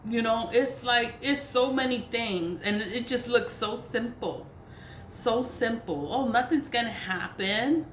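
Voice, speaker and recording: A woman's voice: a little high, slow. Blunt profane woman ranting in an echoey room. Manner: blunt, profane, laughs between points. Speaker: spiritual practitioner. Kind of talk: casual vlog rant. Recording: echoey room with faint noise.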